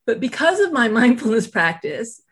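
A woman's voice, husky with a breathy edge and set fairly high. She is a self-compassion teacher and author, speaking as an interview guest. She tells stories in a lively, conversational way and slips into the voices of the people she quotes. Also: moderate pace. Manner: animated, acts out quoted voices, frequent "you know" asides.

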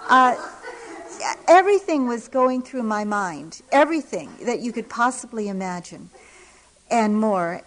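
Woman, meditation teacher, middle-aged, gentle storytelling, soft laughs, dharma talk. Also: a little high, low-quality recording. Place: retreat center hall.

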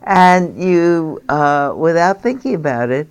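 A woman's voice: low voice, lively intonation, unhurried, creaky, crowd noise. A woman meditation teacher leading a group dharma discussion, encouraging and chatty with rambling asides. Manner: warm, encouraging, laughs easily, rambling asides.

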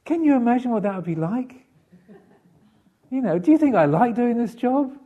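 A man's voice: extremely high pitch, sing-song, moderate pace, phone-quality sound, voice pushed up, heavily acted. A man voicing Death as a lonely skeleton reaper who complains tearfully that everyone hates and fears him. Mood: whining. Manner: whining, complaining, plaintive.

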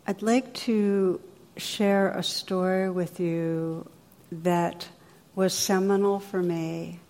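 A woman meditation teacher, originally from New Jersey, speaks in a low voice and tells a story gently and without hurry. Her voice carries a long reverb, as it would in a large hall. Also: steady tone. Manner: gentle, unhurried storytelling with soft pauses. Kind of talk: dharma talk, storytelling.

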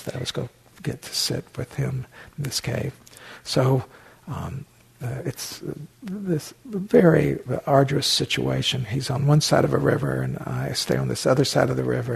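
A man's voice: mid-range voice, vocal fry, slightly rough. An older man and meditation teacher telling a story in a dharma talk, wry and anecdotal, with many fillers and restarts.

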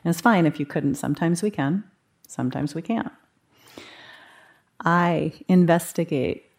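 A woman with a fairly low voice teaches meditation to a retreat group in a meditation hall. She talks in a loose, conversational way and slips into animated quoted asides to show inner thoughts. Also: measured pace, creaky. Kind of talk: guiding a live retreat group.

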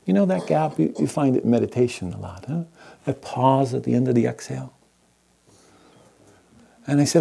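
Gravelly, husky-voiced man telling a story. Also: mid-range voice. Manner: gentle, unhurried, checks in with listeners. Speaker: meditation teacher. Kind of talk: storytelling talk to a live audience.

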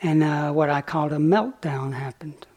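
In a retreat center meditation hall, a male meditation teacher gives a dharma talk, telling a story gently and without hurry. His voice sits a little high, and he pauses often and uses small fillers.

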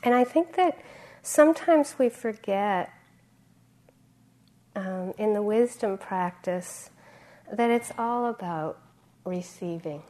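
A woman meditation teacher giving a conversational dharma talk, often clearing her throat. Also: medium pitch, lively intonation, takes it slowly, a little mellow.

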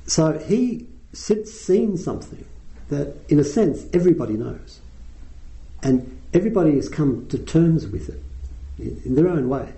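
A man's voice: fairly high pitch, animated, measured pace, vocal fry, dark tone. A male meditation teacher giving a conversational dharma talk with frequent ums, in a meditation hall. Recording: roomy hall echo.

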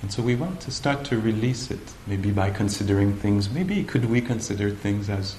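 A male meditation teacher giving a gentle, playful dharma talk with frequent pauses. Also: fairly low pitch, lively intonation, slight background noise. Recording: roomy hall with faint ambience.

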